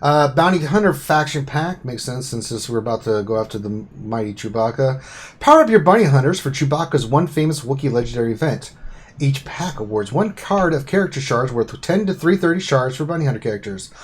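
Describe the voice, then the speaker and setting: A man's voice: medium pitch, expressive, fairly quick, slightly rough. A man co-hosting a casual gaming live stream, reading update notes aloud with joking asides. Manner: reads patch notes aloud, then jokes and asides.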